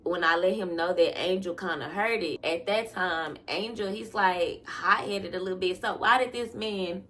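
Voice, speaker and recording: Animated young woman telling a storytime. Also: moderate pace, slight background noise. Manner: animated, laughing, acts out quotes with big pitch jumps. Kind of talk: casual storytime vlog.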